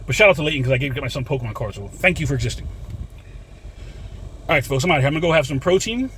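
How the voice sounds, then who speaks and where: A man in his thirties talks quickly and rambles, chatting to his viewers as folks in a casual vlog. His voice sits a little high. Faint traffic hums around him outside. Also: lively intonation, fairly bright tone, poor audio. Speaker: vlogger. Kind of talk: casual rant to camera.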